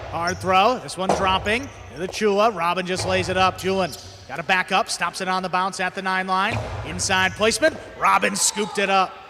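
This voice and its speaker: A man announcing live sports play-by-play in brisk, clipped calls of each play. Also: sits high, fairly even intonation, background noise.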